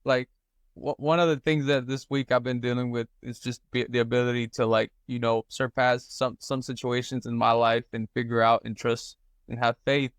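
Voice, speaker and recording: Earnest guy, lots of likes and ums, flat smooth voice. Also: mid-range voice, no room sound, studio quality. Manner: halting, many fillers, earnest. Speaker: mastermind group member. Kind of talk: casual group call.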